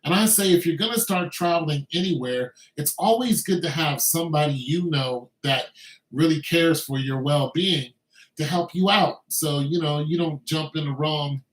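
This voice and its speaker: Veteran guy vlogging, slightly high voice, easygoing rambling delivery, echoey room. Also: normal speed. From Braddock, Pennsylvania. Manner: loose, conversational, heavy on filler phrases. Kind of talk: casual commentary monologue.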